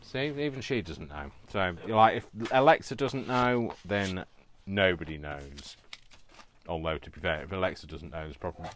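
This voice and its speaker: A deep-voiced British man chats casually at his craft table, rambling from one thing to the next and laughing often. A faint background noise sits under his voice. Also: lively intonation, normal speed, fairly bright tone. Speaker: craft video host. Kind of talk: casual chat while crafting.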